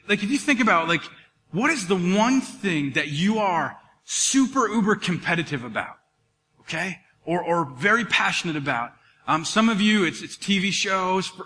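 A man preaching a sermon as pastor, animated and jokey, acting out the voices in the story. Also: a little high, big-room sound.

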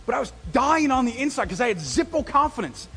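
A man preaching a sermon as pastor, telling stories with lively, self-deprecating humor. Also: very high voice, fast talker, faint music behind. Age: adult with a wife, past graduate study. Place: church sanctuary. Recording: long reverb of a church hall.

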